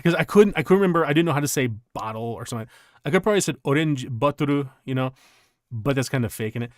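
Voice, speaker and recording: A male streamer telling stories in casual chat while playing a game, rambling and animated, laughing often. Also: medium pitch, rapid-fire, dry recording, studio quality.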